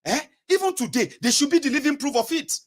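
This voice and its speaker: Animated Nigerian man commentating. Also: extremely high pitch, fast talker. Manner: animated, acts out mocking prayers in Nigerian Pidgin. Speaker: political commentator. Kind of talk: casual political commentary.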